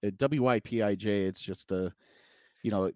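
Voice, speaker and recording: A man with a fairly low voice talks casually as a pastor on a podcast. He keeps things playful and tells jokes like a storyteller. The sound is close and dry, with no room echo. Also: normal speed, darkish tone. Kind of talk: casual chat.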